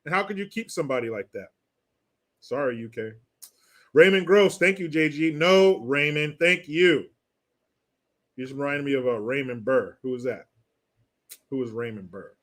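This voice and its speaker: A man's voice: medium pitch, normal speed, pauses often. A man hosting a livestream, ranting about politics in blunt, profane, mocking talk and reading viewer comments. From California. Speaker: livestream host reading chat. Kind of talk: casual political rant.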